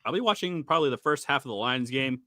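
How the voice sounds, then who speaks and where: A man's voice: mid-range voice, expressive, fast talker, bright, forceful tone, dry recording, studio quality. A man with a Boston accent hosting a casual sports podcast, putting questions to his co-hosts and teasing them with profanity. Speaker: podcast host asking the questions.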